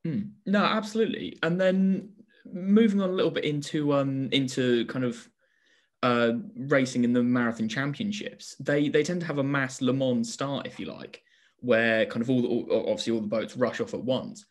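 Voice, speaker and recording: A man's voice: mid-range voice, moderate pace. A British man interviewing a sports guest, asking his questions with hesitant fillers. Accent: British English.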